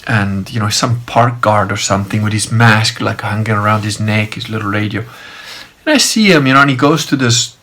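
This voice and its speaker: A man's voice: fairly low pitch, normal speed, sharp tone. A man streaming a loose, rambling personal story, full of fillers and side remarks. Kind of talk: rambling casual monologue.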